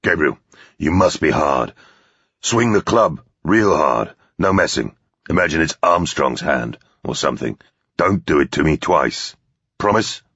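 A man's voice: a bass voice, lively intonation, measured pace, a bit bright, slightly rough, no room sound, heavily acted. A man voicing a grim, determined man who gives firm, urgent orders. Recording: dull, slightly lo-fi recording.

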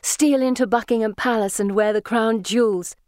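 A haughty Victorian schoolgirl speaks in a raised, sharp and imperious voice, as a woman reader puts her on. The recording is dry and close. It is storybook narration. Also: on the high side, steady tone, normal speed, no room sound, pitched above the performer's own voice, natural voice.

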